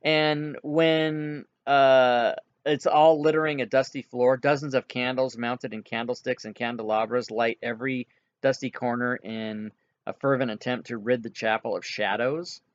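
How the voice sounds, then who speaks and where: Man running a tabletop game, halting, muffled lo-fi audio, mid pitch. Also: steady tone. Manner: halting, filler-heavy, chuckles at players. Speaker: game master.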